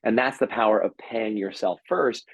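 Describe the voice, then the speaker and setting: A man on a podcast as a guest, telling stories and giving business advice in an emphatic, energetic way. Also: mid-range voice, gravelly, husky, no room sound. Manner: energetic storytelling, quick and emphatic. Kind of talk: casual podcast interview.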